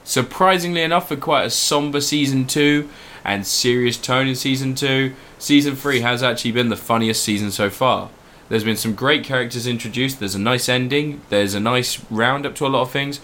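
A man casually chatting as a podcast co-host, excitable and rambling, reviewing TV shows. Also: mid-range voice, moderate pace, hardly any pauses, a little hiss or hum.

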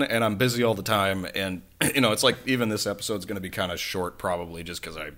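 A man's voice: lowish voice, fairly quick, few pauses, fairly bright tone. A man hosting a podcast in casual chat, rambling and joking with lots of fillers and restarts while he's sick. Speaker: podcast host.

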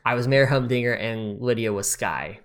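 A man's voice: medium pitch, normal speed, clear, resonant tone. A man in his thirties co-hosting a podcast, telling stories in a rambling, chatty way with many fillers and frequent laughs. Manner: laughs often. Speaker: podcast co-host. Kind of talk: casual chat.

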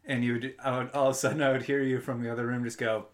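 Laid-back guy cohosting a podcast, middle pitch, dry jokes. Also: little pitch movement, very fast. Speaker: podcast co-host. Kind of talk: casual podcast chat.

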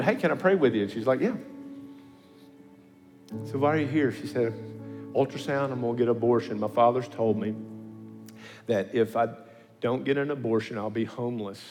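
Man preacher, sermon storytelling in a reverberant hall, soft music underneath, mid-pitched voice, animated. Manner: animated storyteller, acting out quotes in pitch leaps.

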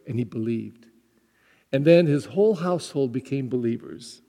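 Priest with a soft voice in a reverberant hall. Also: male voice, on the high side, expressive, normal speed. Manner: conversational, with fillers and repeated words. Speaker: pastor. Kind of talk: podcast homily.

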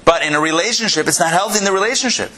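Bright-voiced male rabbi lecturing a class. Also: sits high, expressive, racing. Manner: conversational, repeats and restarts, tells jokes. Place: classroom with a live audience.

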